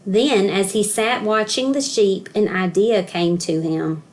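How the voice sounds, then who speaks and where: A woman school counselor reading a children's storybook aloud, telling the story clearly and expressively for young children. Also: medium pitch, unhurried.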